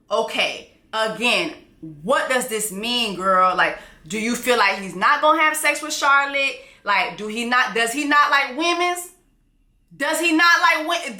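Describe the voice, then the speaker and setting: A woman hosting a casual show recap, telling the story in a brash, profane, animated way. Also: a little high, roomy sound. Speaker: YouTube recap host.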